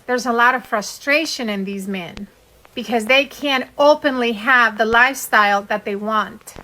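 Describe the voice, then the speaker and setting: A woman's voice: fairly high pitch, pushed and bright, poor audio. A woman giving wry, knowing social media commentary.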